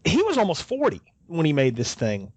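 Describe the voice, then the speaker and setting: A man co-hosting a podcast in casual chat, animated, often chuckling as he talks. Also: on the high side, brisk, dry recording. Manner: animated, chuckles while talking. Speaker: podcast co-host.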